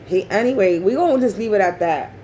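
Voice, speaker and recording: A woman's voice: mid-range voice, fast, a little hiss or hum, low-quality recording. Blunt, profane woman ranting casually. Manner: blunt, profane, rambling, animated. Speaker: vlogger. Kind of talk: casual monologue.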